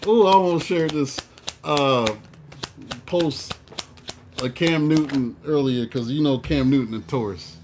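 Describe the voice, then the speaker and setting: A man giving a casual tarot reading, animated, swearing and talking to himself. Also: fairly high pitch, measured pace, pauses often, background noise. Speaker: tarot reader.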